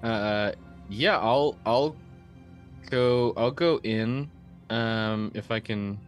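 A man's voice: fairly low pitch, very slow, faint music behind. Hesitant, giggly man at a game table. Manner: hesitant, giggly, many ums. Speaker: player.

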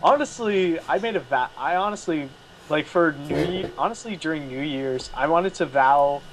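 A young man from with a slightly high voice, chatting loosely and often restarting his sentences. His talk rambles along in friendly bursts. A faint hiss sits under the recording. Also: moderate pace, poor audio. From Quebec, Canada. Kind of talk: casual chat.

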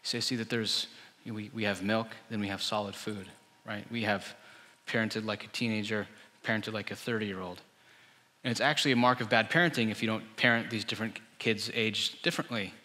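A man's voice: fairly low pitch, steady tone, a little fast, sharp tone. A male pastor giving a sermon in a conversational style, full of rhetorical questions. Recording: church hall with long reverb.

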